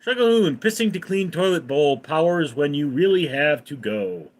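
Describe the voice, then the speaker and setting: A man's voice: on the high side, animated, normal speed. A man hosting a casual live stream, reading viewer comments aloud and answering them offhandedly. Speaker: livestream host.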